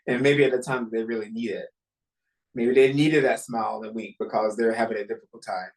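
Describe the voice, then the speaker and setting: Man, podcast host, motivational self-help talk, earnest and encouraging, medium pitch. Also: darkish tone, low-quality recording. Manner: earnest, encouraging, with small restarts. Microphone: computer mic while screen sharing.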